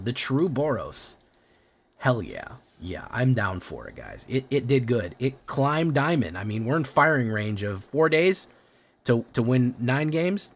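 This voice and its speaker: A young man streaming a card game live, joking around and chatting excitedly with his viewers. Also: lowish voice, husky. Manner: excitable, joking, talks to chat. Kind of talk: casual live-stream commentary while playing a card game.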